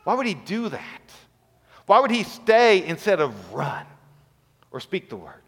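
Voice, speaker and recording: A middle-aged man, a pastor, preaching an emotional sermon that sinks to a hushed near-whisper in its tender moments. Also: sits high, wildly swooping pitch, measured pace, breathy edge. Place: church sanctuary. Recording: reverberant church hall.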